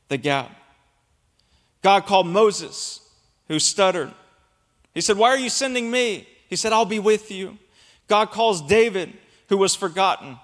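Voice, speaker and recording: A man's voice: high voice, fairly bright tone. A man in his thirties, a pastor, delivering an earnest, emphatic sermon. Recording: long reverb of a large hall.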